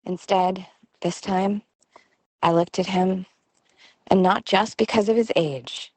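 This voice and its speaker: A middle-aged woman hosting a podcast, telling a personal story in a lively way and acting out the voices of people she quotes. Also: mid-range voice, takes it slowly, husky, dry recording. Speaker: podcast host. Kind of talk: storytelling monologue.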